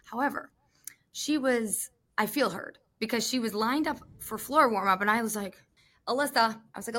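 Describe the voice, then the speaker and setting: A woman co-hosting a podcast, chatting casually in an animated, gushing, jokey way. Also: a little high, moderate pace. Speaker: podcast co-host. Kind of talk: casual chat about gymnastics.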